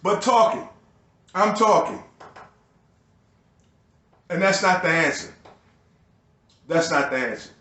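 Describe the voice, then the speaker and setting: A man's voice: sits high, lively intonation, slow, long pauses, sharp tone, echoey room, a little hiss or hum. A man delivering a profane, agitated and bitter ranting monologue to his video channel. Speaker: YouTuber.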